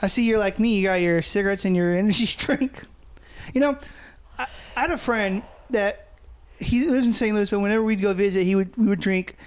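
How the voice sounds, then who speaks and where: A man's voice: sits high, a little fast, clean tone. A man co-hosting a podcast in casual chat, rambling and swearing freely. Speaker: podcast co-host.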